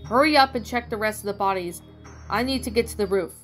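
Lady doing a tough no-nonsense young woman, brisk and clipped, a bit higher. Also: a bit bright, faint music behind, close to an everyday voice. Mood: curt. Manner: brisk and curt.

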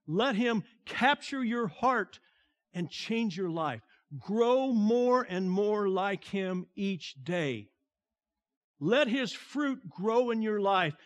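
A male pastor with a fairly high voice preaching at an unhurried pace. He lingers over each phrase, drops to a near-hush on tender lines, and lifts his voice to stress the important ones. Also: expressive. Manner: slow, deliberate preaching that drops to a hushed tone and swells on emphasis. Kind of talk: sermon.

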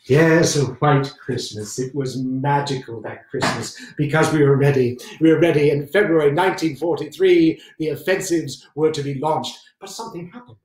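An actor in a one-man show playing an intense, excitable British WWII general, performing a theatrical solo stage monologue and repeating phrases for emphasis. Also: on the high side, normal speed, hardly any pauses, lightly acted. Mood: zealous. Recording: roomy sound from a distant mic.

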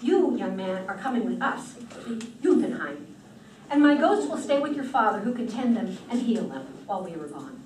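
A woman's voice: sing-song, normal speed, darkish tone, a little hiss or hum, natural voice. A woman voicing a stern, commanding male thunder god in a told myth. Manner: booming, commanding. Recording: roomy distant hall mic.

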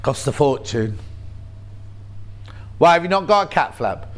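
Chatty British shopping-channel presenter, high voice. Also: male voice, animated, measured pace. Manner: chatty, jokey, rambling. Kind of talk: casual chat. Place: TV studio.

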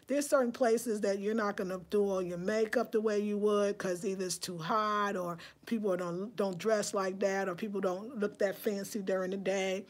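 A woman's voice: mid-range voice, steady tone, moderate pace, hardly any pauses, darkish tone. A woman in her fifties from New York, chatting casually to her viewers from her home in a breezy, friendly way, as if talking to girlfriends. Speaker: lifestyle vlogger. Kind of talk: casual chat to the camera. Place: at home indoors.

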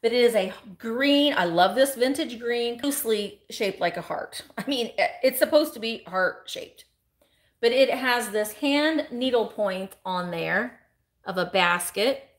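A woman's voice: on the high side, animated, unhurried. A middle-aged woman, hosting a casual live-stream sale, rambling as she reads out viewer comments and calls bids.

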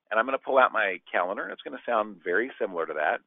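Animated gravelly man on a phone line. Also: lowish voice, very fast, hardly any pauses, no echo. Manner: animated, acts out client exchanges. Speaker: sales trainer. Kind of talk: training talk with role-played dialogue. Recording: dry tinny phone-like line.

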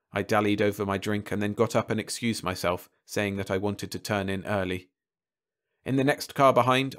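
A man narrating a short story as an audiobook in a calm, steady way. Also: lowish voice. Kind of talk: scripted narration.

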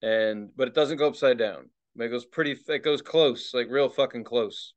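A man co-hosting a podcast in relaxed casual chat, swearing freely and chiming in with short replies. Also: medium pitch, moderate pace. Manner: laid-back, profane, short backchannel replies. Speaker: podcast co-host.

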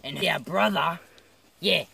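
A man's voice: on the high side, slow, gravelly, sharp tone, a little hiss or hum. A young Australian man chatting casually outdoors by a creek, laid-back and slangy, calling everyone mate. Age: young adult. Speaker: vlogger.

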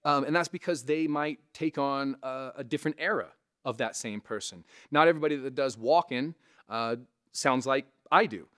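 A man with a resonant voice, a comedian casually teaching impressions to camera, animated and conversational. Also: mid-range voice, moderate pace. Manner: animated, conversational, frequent "right?" asides. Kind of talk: casual instructional talk to camera.

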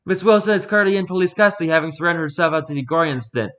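A formal male newsreader, as a gamer puts him on delivers a report in a bright, slightly high voice. He reads in a stiff broadcast cadence but trips and restarts words as he goes. It has the feel of a stilted news-anchor impression from a video game playthrough. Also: steady tone, very fast, lightly acted. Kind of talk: reading in-game news text aloud.

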